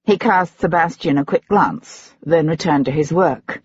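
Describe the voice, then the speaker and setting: Husky audiobook narrator, dull recording. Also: medium pitch, moderate pace, dry recording. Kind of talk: scripted narration.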